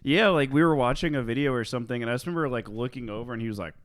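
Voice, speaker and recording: A young man chatting on a comedy podcast at a middle pitch. He rambles, laughs a lot and slips into squeaky mocking voices. The sound is close and dry, with no room around it. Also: racing, no room sound. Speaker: podcast co-host. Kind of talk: casual comedic chat.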